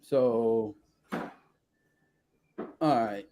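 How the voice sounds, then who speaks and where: A man's voice: high voice, expressive, moderate pace. A male host giving casual live commentary while browsing, blunt and profane, rambling as he reads figures and definitions aloud from the screen.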